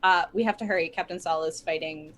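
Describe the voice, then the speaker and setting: A woman playing a tabletop role-playing game, chatting playfully with the others at the table. Her voice sits somewhat low for a woman. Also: steady tone, fast, slight background noise. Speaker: player. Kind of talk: casual chat.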